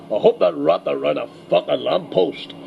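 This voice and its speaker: A man playing a blustering, crude older Northern Irish loyalist preacher with a Northern Irish accent and a gruff voice, in a comedy sketch. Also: a little high, moderate pace, highs cut off, a little hiss or hum. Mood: brusque. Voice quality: gravelly, gruff. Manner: blunt, crude and bombastic.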